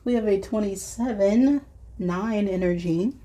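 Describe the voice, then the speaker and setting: Slow, mellow-voiced woman tarot reader. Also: medium pitch. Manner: reflective, talks straight to the viewer, sighs and soft asides. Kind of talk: collective tarot and oracle card reading.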